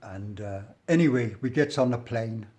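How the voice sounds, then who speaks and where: A man's voice: medium pitch, moderate pace, a little mellow. A middle-aged man with a working-class English accent tells his own story in a loose, rambling way. He is blunt and swears freely, and he often slips into the present tense as he talks. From England. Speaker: storyteller recounting his prison life. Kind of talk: casual spoken storytelling.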